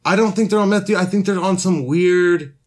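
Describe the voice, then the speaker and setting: A man's voice: high voice, a little fast. A young man co-hosting a podcast, riffing with crude jokes and frequent laughter. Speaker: podcast co-host. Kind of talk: casual comedic commentary.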